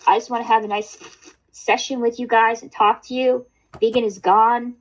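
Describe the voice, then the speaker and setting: A woman's voice: a little high, flat delivery, normal speed, highs cut off. Rambling, swearing woman streamer. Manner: rambling, swears freely, many fillers and restarts. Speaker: livestream host. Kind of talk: casual livestream chat.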